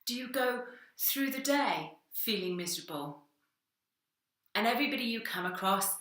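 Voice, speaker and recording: A woman's voice: on the high side, expressive, normal speed, long pauses, fairly bright tone, reverberant. A woman, a hypnotherapist giving a conversational talk straight to camera and acting out little exchanges along the way. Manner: conversational, acts out little dialogues.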